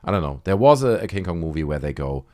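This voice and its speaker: Deep-voiced man with a lively, swooping delivery. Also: fast talker. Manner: chatty and wry, with big swoops for emphasis. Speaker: YouTube host debunking UFO videos. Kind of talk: casual commentary.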